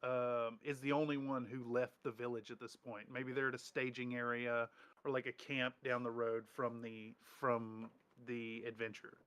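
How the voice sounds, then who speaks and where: A man's voice: medium pitch, little pitch movement, moderate pace, a bit bright, smooth. A man running a streamed tabletop game as game master, casual, with many hesitant fillers and easy laughs.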